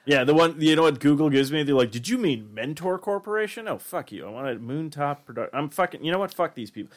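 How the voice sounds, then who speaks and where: A man's voice: on the high side, quick pace. A man co-hosting a casual podcast chat, ranting and swearing freely. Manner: profane, ranting, animated. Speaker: podcast co-host.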